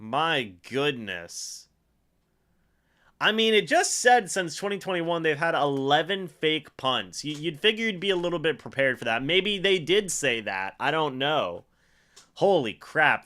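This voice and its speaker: A young man hosting a live fan watch-along, giving play-by-play and reacting excitedly, often repeating himself. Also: a little high, unhurried. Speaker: fan livestream host calling a football game.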